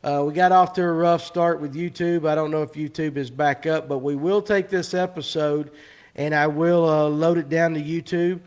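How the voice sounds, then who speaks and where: A man's voice: fairly high pitch, fairly even intonation, moderate pace, darkish tone, clear, resonant tone. A man hosting a live fishing show, rambling and teasing his guests in casual chat.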